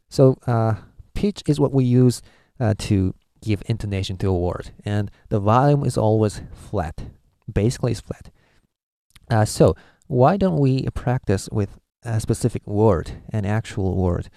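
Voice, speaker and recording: A Japanese language teacher, a native speaker from Japan with a Japanese accent, gives a casual lesson, hesitating with lots of "uh"s as he sounds out syllables. His voice is fairly low, a little slow, mellow and fry-tinged. The recording is dry and studio quality.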